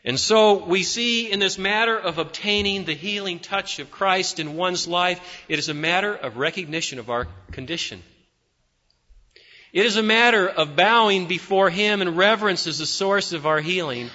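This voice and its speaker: A man preaching a sermon with fervor, swinging between loud, emphatic peaks and hushed, low passages. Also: moderate pace, in a large hall, dull audio. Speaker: pastor.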